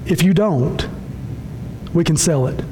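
A pastor preaching a sermon with impassioned, repetitive phrasing that swings between soft low lines and raised high ones. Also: male voice, slow pace, noisy background. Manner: impassioned, repetitive preaching with sudden drops and rises in pitch.

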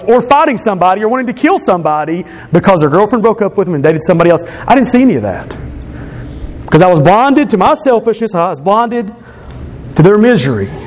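A man with a notably high voice gives a personal testimony, earnest and heartfelt. He leans on repeated words to drive his points home, with a faint hum of ambience behind him. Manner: earnest, repeats phrases for emphasis. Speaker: speaker giving a testimony.

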